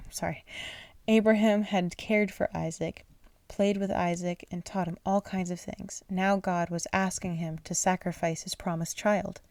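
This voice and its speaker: A woman's voice: on the low side, a little mellow, no echo. Sleepy woman reading bedtime bible stories. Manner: sleepy, yawning, often apologizing and stumbling over words. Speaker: reader.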